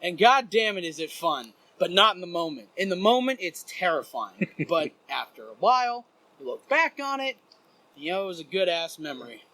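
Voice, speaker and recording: A young man hosting a podcast, telling a wild story in a casual, profane, animated way and shouting out the quotes. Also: high voice, normal speed. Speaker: podcast co-host. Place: indoors, rain outside.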